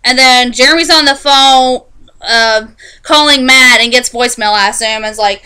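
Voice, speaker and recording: A woman casually recapping a TV episode in a chatty, animated way, often restarting her sentences. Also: high voice, normal speed, clean tone, low-quality recording. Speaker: TV show reviewer.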